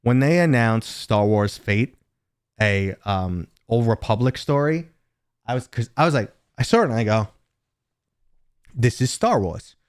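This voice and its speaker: A man's voice: mid-range voice, animated, moderate pace, clean tone, no echo, studio quality. Chatty New man hosting a stream. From New York City. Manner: rambling, joking, chatty asides to chat. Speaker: live stream host. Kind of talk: casual live stream chat.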